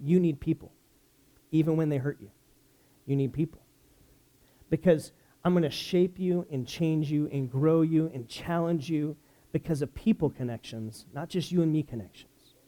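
A man from the United States preaching a sermon as a pastor, telling stories with animated energy that climbs loud when excited. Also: fairly high pitch, normal speed.

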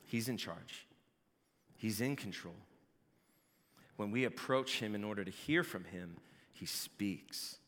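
The pastor speaks slowly with long pauses, his fairly low voice bright and forceful. Animated and energetic, he breaks into shouting during jokes, and the large hall adds a long, ringing reverb.

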